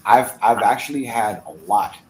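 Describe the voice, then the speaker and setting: A man guesting as a magician in a casual interview, speaking haltingly with frequent restarts. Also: lowish voice. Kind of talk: casual live-stream interview. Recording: echoey room, faint background noise.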